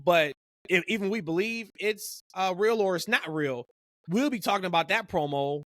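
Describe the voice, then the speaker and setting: Bright-toned man in casual wrestling chat. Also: high-pitched, normal speed, no echo, clean studio sound. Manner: conversational, rambling with frequent "like" and "you know". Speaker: podcast co-host.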